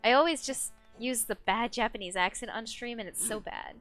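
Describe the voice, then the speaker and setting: A woman's voice: fairly high pitch, moderate pace, a bit bright, soft background music. A woman live-streaming a video game, chatting casually, reading chat aloud and giggling often.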